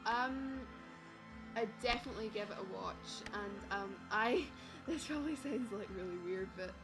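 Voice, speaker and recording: A woman's voice: medium pitch, moderate pace, music in the background. Chatty rambling woman vlogger. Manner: rambling, chatty, self-deprecating. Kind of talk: casual movie review vlog.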